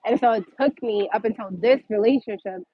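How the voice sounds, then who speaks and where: A woman's voice: a little high, fairly quick, husky, no echo, muffled recording. A woman hosting a livestream, telling a personal story in a casual, chatty way with lots of "like" fillers. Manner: chatty, filler-heavy with frequent "like". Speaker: livestream host.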